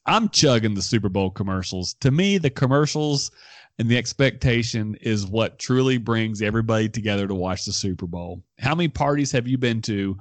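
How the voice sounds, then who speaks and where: A man's voice: on the low side, animated, brisk, no echo. A married man hosting a casual podcast, leading the segment and arguing his point with energy. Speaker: podcast host. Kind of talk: casual chat.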